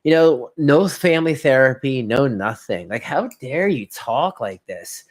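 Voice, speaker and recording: A man hosting a casual reaction video, animated and incredulous, laughing often as he mocks what he watches. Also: medium pitch, measured pace, hardly any pauses. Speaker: reaction commentary host.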